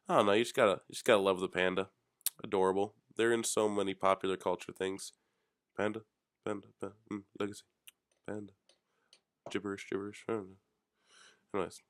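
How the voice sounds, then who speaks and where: A young man with a fairly low voice muses aloud on his own show in a loose, rambling way. His delivery is offhand and deadpan, with jokes thrown in. The sound is close and dry, with no room around it. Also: no room sound. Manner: offhand, deadpan, jokey musings. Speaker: podcast host. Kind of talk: rambling solo chat.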